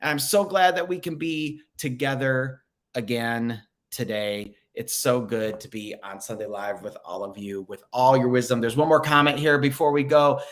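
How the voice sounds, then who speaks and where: A man's voice: medium pitch, fairly even intonation, normal speed, a bit bright. A man hosting a spiritual direction livestream in casual chat, reading viewer comments aloud with many fillers and upbeat encouragement.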